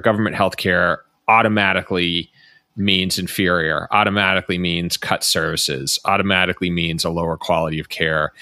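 A man's voice: deep voice, pushed and bright, no room sound, clean studio sound. A man hosting a political podcast, talking earnestly and often repeating words as he thinks aloud. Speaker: podcast host. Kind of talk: podcast interview and ad read.

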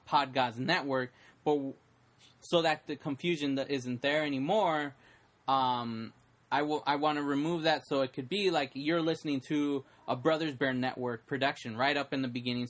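A man's voice: mid-range voice, fairly bright tone. A man co-hosting a podcast in casual chat, rambling and correcting himself as he explains plans. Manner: rambling, self-correcting, jokey. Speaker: podcast co-host.

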